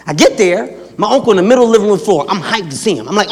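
A man doing a stand-up comedy routine, telling exaggerated stories with shouted punchlines. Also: high voice, animated, racing, few pauses. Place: large performance hall. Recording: reverberant hall, faint background noise.

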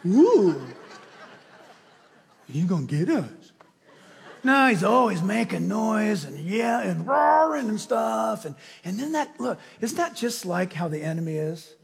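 A male pastor preaching a sermon with animated storytelling, acting out voices along the way. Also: sits high, measured pace, creaky, few pauses, slightly rough. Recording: long reverb of a large hall.

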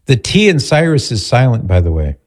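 This male radio host has a mid-range, slightly mellow voice and a fairly quick, sing-song delivery. Between casual, playful chats with callers on his live show, he leads a prayer.

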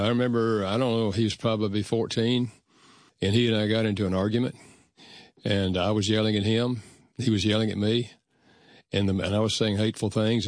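An older man with a low voice shares stories from his own life, speaking earnestly and at a measured pace. He often slips into remembered dialogue. The recording is dry and close, with no room sound. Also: no room sound. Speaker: guest author. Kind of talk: reflective storytelling in conversation.

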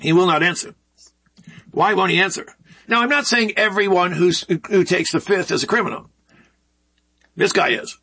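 A man's voice: sits high, moderate pace, long pauses, sharp tone. A man hosting casual political commentary, folksy and rambling with sarcastic asides.

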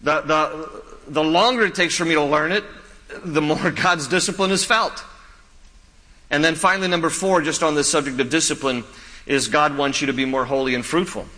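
A man preaching a sermon as a pastor, repeating his key points and telling stories with animated, lively delivery. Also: fairly high pitch, normal speed. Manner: animated storytelling with laughs and quoted voices. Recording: long hall reverb.

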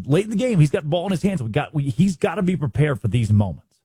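A man's voice: a little high, very animated, quick pace, warm tone, husky, no echo. A man hosting a sports show, giving emphatic, sarcastic commentary and acting out quotes.

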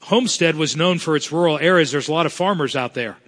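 A man from South Florida preaches to his congregation with a slightly high voice. He talks earnestly and slows down to stress the scripture he reads. His words ring out with a long reverb through a large church sanctuary. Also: a bit bright. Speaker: pastor. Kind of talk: sermon.

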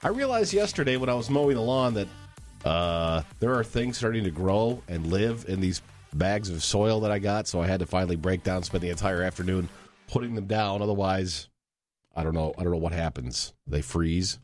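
A man's voice: sits low, expressive, moderate pace, soft background music. A man co-hosting a morning radio show, trading jokes and casual stories with dry humor. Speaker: radio co-host.

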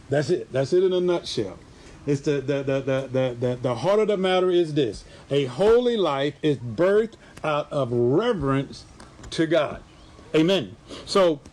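A man's voice: a little high, warm tone, a little hiss or hum. A male bishop preaching a sermon with fervor, stumbling over repeated words and calling out hallelujah and amen.

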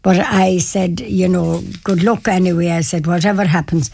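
A woman's voice: lowish voice, steady tone, moderate pace, creaky, a little hiss or hum. An older woman from the west of Ireland with a Mayo accent, telling a long story in a chatty, rambling way. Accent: Irish, County Mayo. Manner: chatty, warm-hearted, repeats herself, laughs often. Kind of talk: casual storytelling.

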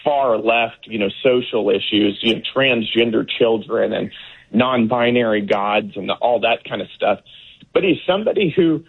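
A man's voice: fairly low pitch, normal speed, breathy edge. A man from Texas giving emphatic political commentary as an interview guest, with many fillers and restarts. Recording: tinny phone-line sound.

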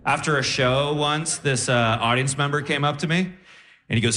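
A young man doing a stand-up set, animated and laughing through his punchlines. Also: medium pitch, normal speed, echoey room. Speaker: stand-up comedian. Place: comedy stage.

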